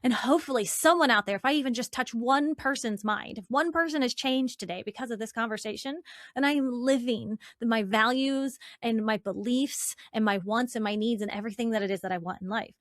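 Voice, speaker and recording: A woman relationship coach, a guest in an interview, talking in an animated, chatty way with lots of "like" and "right?". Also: on the high side, fairly quick, no room sound, studio quality. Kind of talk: conversational interview.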